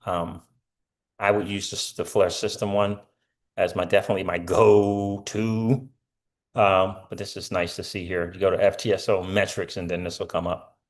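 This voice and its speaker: A man's voice: low voice, flat delivery, normal speed. A middle-aged man hosting a casual crypto livestream, rambling with lots of fillers and answering viewer comments.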